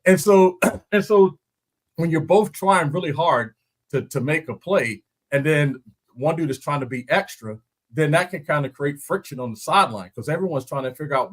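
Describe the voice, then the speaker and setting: A man, a former football lineman, breaking down a game on a podcast in animated, story-driven casual chat, laughing often. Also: a little high, moderate pace. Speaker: guest analyst, former NFL lineman.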